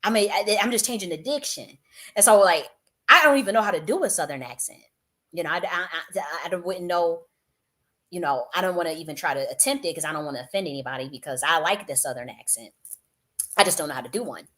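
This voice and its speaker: Woman vlogger from the US, lowish voice, off-the-cuff political rant, swears freely, stumbles and restarts a lot. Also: fast, a bit bright. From United States. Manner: blunt, profane, lots of restarts and fillers. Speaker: YouTube commentator. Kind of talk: casual political commentary.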